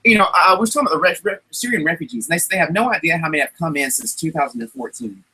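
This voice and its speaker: Fast, excitable man in his thirties. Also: on the high side, slightly rough, poor audio. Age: 30s. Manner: emphatic, rambling, with many restarts. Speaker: podcast host. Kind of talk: casual chat.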